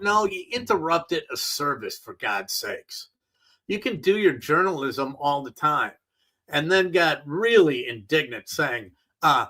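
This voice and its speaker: A man's voice: on the high side, animated, unhurried, bright, forceful tone, low-quality recording. A middle-aged man hosting a solo talk show, ranting in an exasperated, sarcastic and profane way. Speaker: podcast host. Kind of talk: opinionated solo rant.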